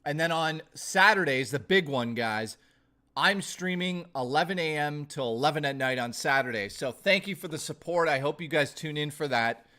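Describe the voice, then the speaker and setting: A man's voice: a little high, animated, normal speed, sharp tone. A man hosting a casual live stream, rambling and thanking viewers, his voice strained and fading. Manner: rambling, thanks chat by name. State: losing his voice.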